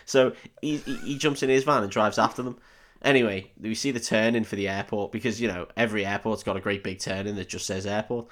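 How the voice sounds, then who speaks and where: A man, his voice sitting a little low, recaps a film for a comedy podcast. He talks casually, swears freely, laughs a lot and slips into quick impressions of the characters. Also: fairly even intonation, fairly bright tone.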